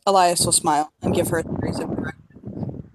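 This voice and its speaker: A player narrating actions in an improvised role-play with casual, quick asides. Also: mid-range voice, flat delivery, noisy background.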